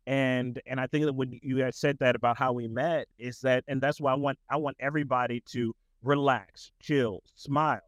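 A man's voice: medium pitch, normal speed, few pauses, no echo. Laid-back young man, rambling chat. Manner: relaxed, rambling, many fillers. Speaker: tutoring business owner, guest. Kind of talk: casual interview conversation.

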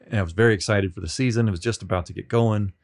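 A man being interviewed on a podcast, telling rambling, self-deprecating stories with many halting restarts. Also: lowish voice. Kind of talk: casual storytelling.

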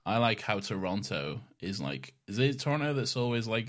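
A man's voice: lowish voice, very animated, moderate pace, fairly bright tone. A young man co-hosting a podcast in casual chat, giggly and rambling as he reads listener emails. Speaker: podcast co-host.

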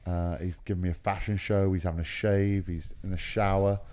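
A man's voice: sits low, level tone, brisk, darkish tone. A man telling a story in casual, matey podcast chat. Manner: laid-back, chatty, matey. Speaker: podcast co-host.

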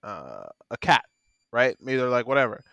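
Emphatic, animated man on a podcast. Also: mid-range voice, moderate pace, gravelly, no room sound, dull audio. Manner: animated, emphatic, laughs often. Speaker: podcast co-host. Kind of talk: casual football chat.

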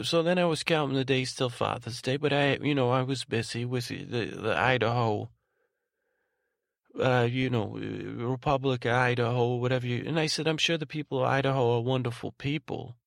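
A rambling, sentimental grown man who loses his train of thought, repeats himself and trails off in a slightly gravelly, middle-pitched voice, as a man puts him on. It is a drowsy bedtime monologue, recorded close and dry. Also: no echo, lightly acted. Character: rambling, tenderhearted adult man named Ray. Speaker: podcast host in character.

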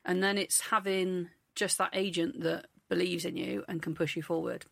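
A woman's voice: on the low side, flat delivery, moderate pace, vocal fry, fairly bright tone, no room sound, studio quality. A frank woman in her forties with a Cotswolds accent, a comedian chatting candidly and rambling through restarts as an interview guest. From the Cotswolds, England. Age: 40s. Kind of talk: candid casual chat.

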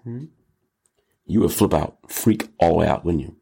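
A man hosting a comedic commentary show, joking and slangy, jumping into high mock voices. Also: lively intonation, normal speed, vocal fry, dark tone, husky. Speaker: host.

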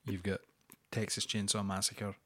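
A man co-hosting a casual film podcast, explaining facts in a relaxed way. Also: fairly low pitch, moderate pace. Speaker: podcast co-host. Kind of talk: casual chat about films.

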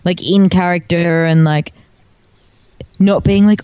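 A woman's voice: lowish voice, fairly even intonation, measured pace, darkish tone, clean tone, dry recording. A woman co-hosting a podcast, chatting casually and teasing with frequent laughs. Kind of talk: casual chat.

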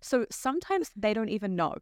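Smooth-voiced woman breathwork teacher, reflective podcast guest, dry close sound. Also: medium pitch, big pitch swings, brisk, no room sound. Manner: reflective, speaks in flowing stories. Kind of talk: casual conversation.

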